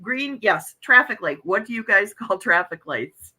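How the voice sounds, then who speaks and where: A woman's voice: medium pitch, animated, a little slow, bright, forceful tone, husky. A woman from Wisconsin hosting a casual morning livestream chat and reading viewers' messages aloud. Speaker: livestream host.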